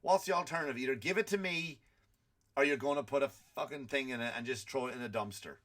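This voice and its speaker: A man's voice: mid-range voice, fast, fairly bright tone. Profane ranting comedy podcast man. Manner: profane, exasperated ranting with acted-out quotes. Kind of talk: comic rant.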